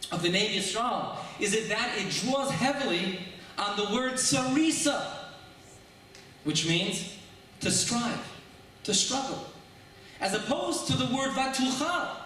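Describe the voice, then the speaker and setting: A man preaching a sermon as a rabbi, telling stories and posing rhetorical questions with measured emphasis. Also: very high-pitched, pushed and bright, slight background noise. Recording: echoey hall, mic far off.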